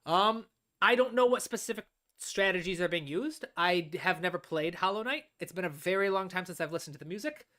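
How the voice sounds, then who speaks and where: A woman's voice: lowish voice, expressive, a little fast, a bit bright. A woman teaching music composition on a live stream, explaining step by step, often drawing out words while she thinks and checking in with "all right?".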